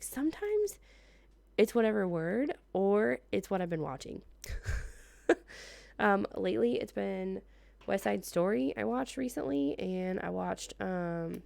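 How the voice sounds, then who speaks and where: A woman's voice: medium pitch, creaky, darkish tone, no room sound. A woman in her thirties from the United States, chatting casually in her living room as she decorates a planner, laughing often and muttering to herself. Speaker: planner vlogger. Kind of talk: casual plan-with-me chat.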